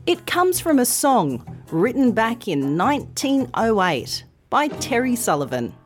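A woman hosting a podcast, giving a clear, carefully articulated English pronunciation lesson. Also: on the high side, big pitch swings, measured pace, faint music behind. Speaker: language podcast host.

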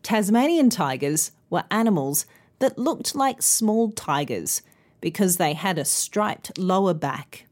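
A woman hosting a pronunciation lesson podcast, speaking slowly and carefully enunciating each sound. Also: on the low side, lively intonation, darkish tone. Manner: slow, clear, carefully enunciated teaching. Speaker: pronunciation teacher and podcast host. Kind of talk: scripted instructional podcast.

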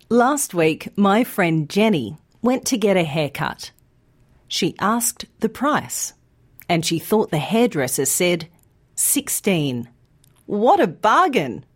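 A woman teaching English pronunciation in a scripted lesson, enunciating each word slowly and clearly. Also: mid-range voice. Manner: slow, clear, deliberate enunciation.

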